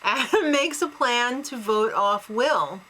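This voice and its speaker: Young woman chatting about a show, bright voice, jokey and blunt, a bit of hiss behind. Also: on the high side, expressive, slow, poor audio. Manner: laughing, blunt and joking. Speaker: co-host. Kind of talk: casual chat recapping a TV show.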